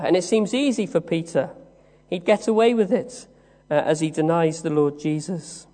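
A man from the West Country of England preaching a sermon, telling the story slowly with many "uh" pauses. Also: a little high, fairly even intonation, dark tone. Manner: measured storytelling with frequent "uh" pauses. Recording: long reverb of a large hall.

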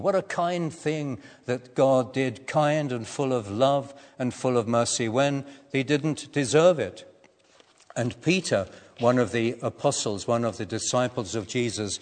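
Older man, preacher, measured storytelling, mid-pitched voice, reverberant hall. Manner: measured storytelling, gentle humour. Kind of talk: sermon with a personal story. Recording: echoey hall.

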